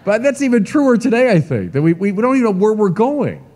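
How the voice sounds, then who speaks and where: Lively preaching man in echoing church. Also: high-pitched, fast talker. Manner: emphatic, lively preaching with asides to the congregation. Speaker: bishop. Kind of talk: sermon. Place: large church. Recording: long church reverb.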